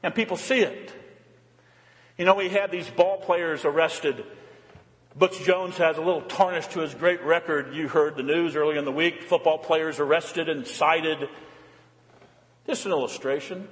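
Brief: man, pastor mid-sermon, emphatic rises and hushed drops, high-pitched, long hall echo. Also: unhurried. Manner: emphatic preaching, rising and dropping to a murmur. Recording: long reverb of a church hall.

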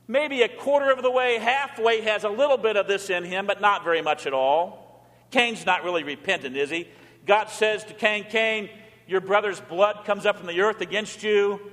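High-voiced pastor preaching in a reverberant hall. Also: male voice. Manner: animated preaching with dramatic quiet drops. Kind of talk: sermon.

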